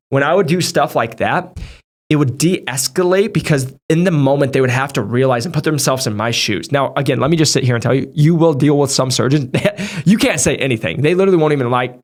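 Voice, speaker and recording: A man who trains medical device sales reps, giving casual, direct advice to viewers and talking them through situations from his own work. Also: mid-range voice. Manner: direct, conversational, talks through past situations.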